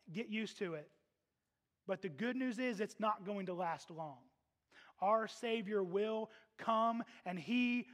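A man from Texas preaching a sermon, emphatic, with humorous asides, dropping to hushed tones and then rising loud. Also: high-pitched.

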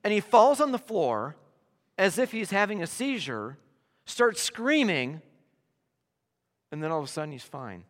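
A man preaching a sermon, emphatic and animated, dropping to hushed tones and then rising to loud declarations. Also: high voice, a little slow, pauses often. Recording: long hall reverb.

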